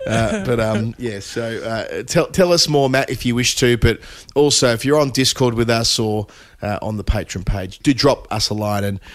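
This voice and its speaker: A man's voice: medium pitch, normal speed, no room sound. A man co-hosting a podcast, telling a rambling, self-amused story in casual chat. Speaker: podcast co-host.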